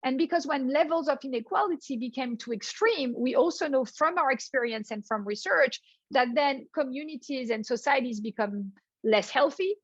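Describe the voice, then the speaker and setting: Middle-aged french lady giving a talk on a video call, kinda high voice, dry muffled sound. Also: lively intonation, normal speed, breathy edge, no room sound. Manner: earnest, repeats small words when starting a thought. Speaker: guest speaker, professor. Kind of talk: online workshop lecture.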